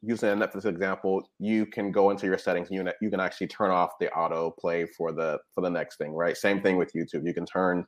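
A man's voice: deep voice, level tone, quick pace, few pauses. A man talking as a guest expert in a conversational interview, explaining patiently and often checking in with "right?" and "you know". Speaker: guest expert on technology habits.

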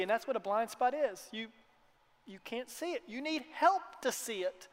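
Guy preaching a sermon, pretty high voice, earnest, gets quiet to make a point, long echo in the church. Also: expressive, moderate pace. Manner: earnest, drops to a hushed tone for emphasis. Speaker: pastor. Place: church hall. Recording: long hall reverb.

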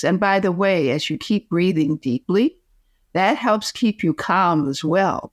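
A woman, a communication coach, giving advice as a podcast guest in an expressive, demonstrative way. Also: medium pitch, no echo, clean studio sound. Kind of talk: podcast interview.

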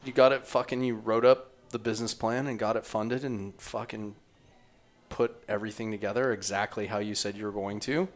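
A man's voice: on the low side, brisk. A man in his thirties hosting a podcast, chatting casually and profanely with an old friend and asking questions. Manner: relaxed, profane, recalls shared past with guest. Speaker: podcast host. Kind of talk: casual interview chat.

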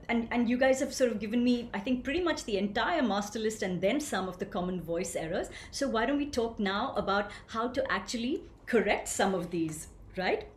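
A woman leading an online voice workshop, telling stage stories and reading out participants' comments in an animated, engaging way. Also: medium pitch. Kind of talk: interactive webinar talk. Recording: echoey room with faint ambient noise.

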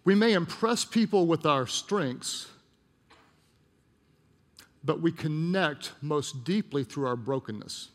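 A man's voice: a little high, animated, takes it slowly, long pauses. A middle-aged male pastor preaching, telling a personal story with emotion and asides to the congregation. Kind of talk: storytelling sermon. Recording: long hall reverb.

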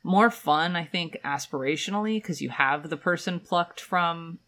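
A woman's voice: fairly low pitch, moderate pace, a bit bright. A woman co-hosting a podcast in casual chat, wry and talkative. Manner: chatty, wry, many "like" fillers. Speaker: podcast co-host.

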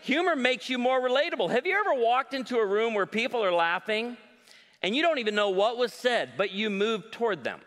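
A man in his forties performs stand-up on stage, his voice high and bright. He tells stories with animated delivery and slips into other voices for quotes. The sound carries a long hall reverb. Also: a little fast. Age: 40s. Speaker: stand-up comedian. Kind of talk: live stand-up comedy.

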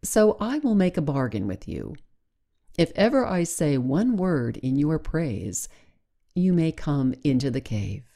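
A woman's voice: low voice, very animated, unhurried, vocal fry, dark tone, heavily acted. A storyteller doing a wise cave woman. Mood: bargaining.

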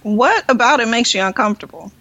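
A woman in candid conversation, speaking directly and firmly and holding her position in a measured way. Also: on the high side, lively intonation, bright, forceful tone, no room sound, dull audio.

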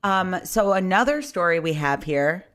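A woman's voice: lowish voice, expressive, normal speed, fairly bright tone, faint music behind. A woman co-hosting a casual show, bubbly and joking, often giggling. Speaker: podcast co-host. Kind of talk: casual chat.

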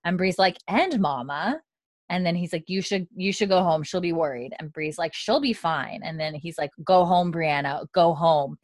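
A woman with a fairly low voice recaps a TV episode in casual conversation. She keeps quoting the characters' lines in between plenty of fillers. The sound is dry and close. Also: expressive, moderate pace, dry recording. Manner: retells scenes with quoted lines, many fillers and laughs. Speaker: podcast co-host recapping a TV episode.

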